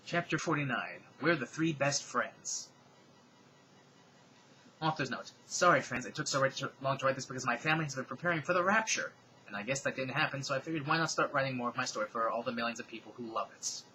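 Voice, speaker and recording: A man reading fan fiction aloud in a comedic, dramatic style. He cuts in with deadpan, sarcastic remarks. His voice is bright and crisp over faint room noise. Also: medium pitch, fast, rough recording.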